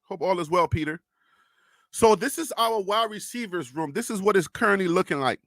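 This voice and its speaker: A man's voice: high voice, expressive, fairly quick, a bit bright, no room sound. A young man hosting a casual sports live stream, chatting loosely and reading viewer comments aloud with frequent laughs.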